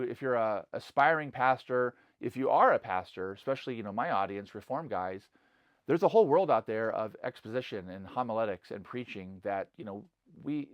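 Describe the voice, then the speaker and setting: A middle-aged man, a pastor, speaks in an unscripted, conversational way, stringing thoughts together with "like" and "you know." His voice sits at an ordinary male pitch with an earnest, convinced tone. The recording is dry, with no room sound. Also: dry recording, muffled recording. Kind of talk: casual spoken reflection to camera.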